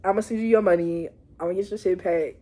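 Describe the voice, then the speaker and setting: A woman putting on a calm male vampire's low, hushed voice while retelling a scene. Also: quick pace, close to an everyday voice. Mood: reassuring.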